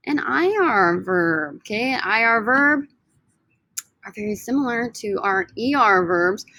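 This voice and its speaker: A woman's voice: fairly high pitch, gravelly, fairly bright tone, poor audio. A woman teaching a recorded Spanish grammar lesson, explaining step by step and drilling words for students to repeat.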